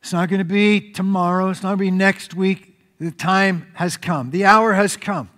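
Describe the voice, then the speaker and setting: A man preaching a sermon as pastor, telling the story in an animated way. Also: sits high, moderate pace. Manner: animated storytelling preacher, acts out crowd shouts. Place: church sanctuary. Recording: reverberant church hall.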